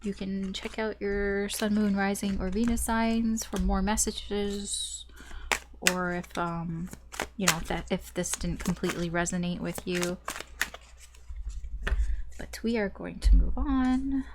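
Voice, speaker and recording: A woman's voice: medium pitch, steady tone, slow pace, noisy background. A woman giving a casual tarot reading to her viewers, chatty and full of fillers and restarts. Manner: chatty, frequent fillers and restarts, light laughs. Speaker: tarot reader.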